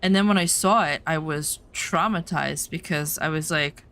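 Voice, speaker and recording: Blunt, bright-voiced woman streamer. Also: sits low, normal speed. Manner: blunt, emphatic personal storytelling with some swearing. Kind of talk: casual chat over gameplay.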